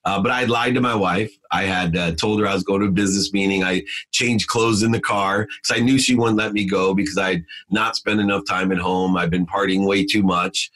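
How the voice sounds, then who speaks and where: Husky, low-voiced middle-aged man telling his story. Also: fairly even intonation, fairly quick, hardly any pauses, fairly bright tone, low-quality recording. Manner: emphatic, with frequent fillers and restarts; voice rises sharply when reliving moments. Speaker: podcast guest. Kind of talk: personal storytelling.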